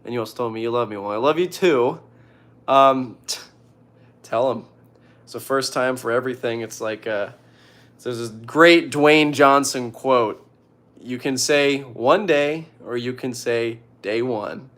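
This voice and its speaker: A man's voice: medium pitch, unhurried. Joking young man answering questions. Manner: reads questions aloud, jokey deadpan answers. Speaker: streamer answering viewer questions. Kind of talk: casual joking advice chat.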